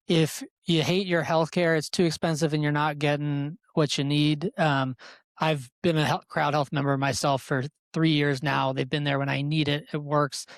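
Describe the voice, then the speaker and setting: A man's voice: a little high, no echo. A young adult man introducing a live panel in a casual, chatty way, with many fillers and restarts. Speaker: event host and moderator.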